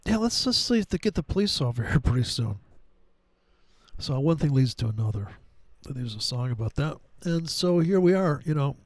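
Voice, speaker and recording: Brief: middle-aged man, foul-mouthed trading rant, slightly high voice, dry close recording. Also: big pitch swings, moderate pace, dry recording. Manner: profane, wisecracking, digressive. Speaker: trading commentator. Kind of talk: casual rambling chart commentary.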